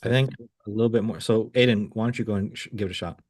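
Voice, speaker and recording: A man's voice: on the low side, quick pace, darkish tone. A man coaching sales reps over a video call, blunt and casual, pushing them for more energy.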